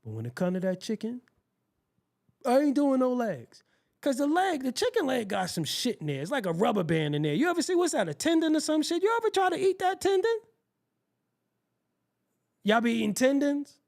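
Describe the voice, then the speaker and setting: A man with a gravelly, rough-edged voice spins a casual, profane story. His pitch swings up and down as he rambles. He sounds like a show host talking straight to his viewers. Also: big pitch swings, fairly quick, darkish tone.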